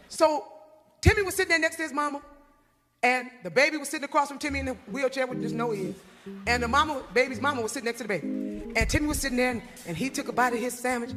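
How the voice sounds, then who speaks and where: A woman's voice: on the high side, fairly bright tone, big-room sound. A woman telling a long comic story in a folksy, chatty way, repeating words for effect. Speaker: gospel singer doing stand-up.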